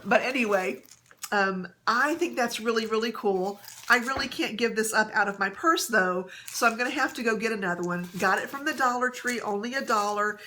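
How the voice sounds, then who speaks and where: A woman vlogging casually, chatting gently with many fillers and soft laughs as she shows items and tells a story. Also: on the high side, moderate pace, slight background noise. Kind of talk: casual haul and story vlog.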